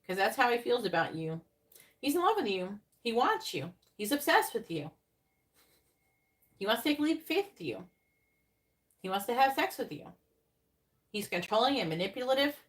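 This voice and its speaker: A woman giving a live tarot reading in casual chat. She talks bluntly and swears freely, laughs often, and mutters her card draws in a low, quick undertone. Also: sing-song, a bit bright. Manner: blunt and profane, with frequent laughter. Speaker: psychic tarot reader.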